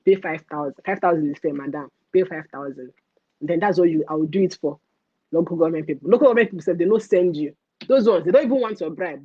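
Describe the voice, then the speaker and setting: A young woman with a Nigerian accent hosting a casual livestream rant, animated and mixing in pidgin phrases. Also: on the low side, husky, dry recording, dull audio. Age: young adult. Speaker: livestream host.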